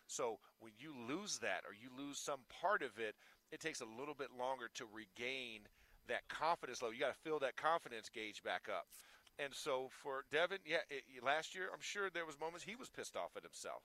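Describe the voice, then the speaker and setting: Animated man with a bright voice. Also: mid-range voice, a little fast, dry recording. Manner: animated storyteller, acts out quotes. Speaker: former pro football player, co-host. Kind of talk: casual sports talk.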